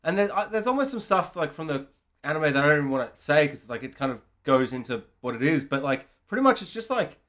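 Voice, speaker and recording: A man's voice: on the high side, big pitch swings, quick pace, fairly bright tone. A man co-hosting a podcast, chatting casually about a TV show, hesitant and full of fillers, with a dry teasing streak. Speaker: podcast co-host. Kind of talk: casual chat reviewing a TV show.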